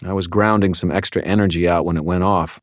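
A man's voice: low-pitched, fairly even intonation, fast, dry recording, studio quality, lightly acted. A man doing a wisecracking battered wizard. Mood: wry. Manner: sardonic, joking, a little whiny. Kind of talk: audiobook character voice.

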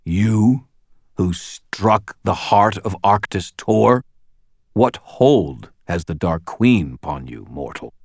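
A man voicing a huge, gruff fae giant who speaks in formal archaic words and growls. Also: sits low, a little slow, no echo, studio quality. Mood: menacing formal.

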